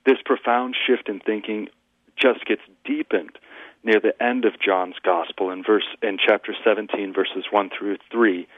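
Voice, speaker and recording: A man's voice: fairly low pitch, steady tone, unhurried, no room sound. A man, a pastor and guest on a radio show, earnestly teaching scripture and quoting verses at length. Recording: tinny phone line, dry.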